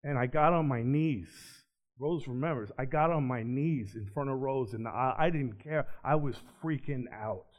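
A man giving a personal testimony, telling his story earnestly and swinging between animated and hushed. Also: medium pitch, moderate pace. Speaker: ministry speaker. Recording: dull lo-fi recording.

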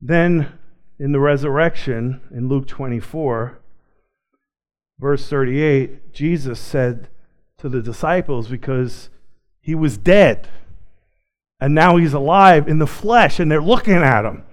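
A man preaching a sermon, swinging between loud, excited passages and quiet, hushed ones. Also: mid-range voice, slow pace, long pauses. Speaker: pastor.

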